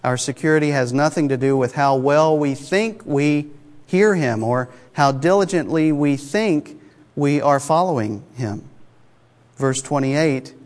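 Preacher with a twang, echoing hall. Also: male voice, on the high side, measured pace. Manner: conversational, emphatic, asks the congregation rhetorical questions. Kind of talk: sermon. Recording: long reverb of a large hall.

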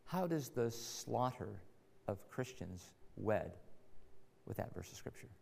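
A man's voice: medium pitch, sing-song, takes it slowly, gravelly, a little mellow, breathy edge. A man preaching a sermon as pastor, earnest and building to emphatic rhetorical questions. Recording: long reverb of a large hall.

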